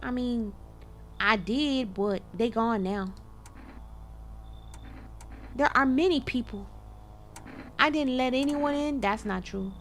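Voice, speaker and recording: A woman giving casual gameplay commentary, animated and chatting straight to her viewers with quick exclamations. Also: on the high side, slight background noise. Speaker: gaming video creator.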